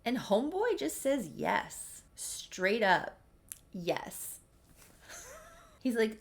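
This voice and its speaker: Gravelly-voiced woman narrating a game story. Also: fairly high pitch, wildly swooping pitch, extremely slow, long pauses. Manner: chatty, wry asides. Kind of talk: casual narrated let's-play story.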